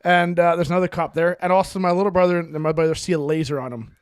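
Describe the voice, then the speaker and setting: A man's voice: high voice, steady tone, fast, clean tone, no echo, clean studio sound. A man co-hosting a podcast, telling rambling stories in casual chat and laughing through them. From Canada. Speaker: podcast co-host.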